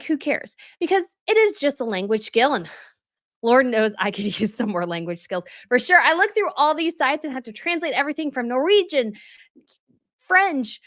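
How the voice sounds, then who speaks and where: A woman's voice: high-pitched, a bit bright, no room sound, studio quality. An American woman with a neutral accent, giving rambling, chatty commentary on royal news. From United States. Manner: chatty, rambling, many asides. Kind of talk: casual commentary vlog.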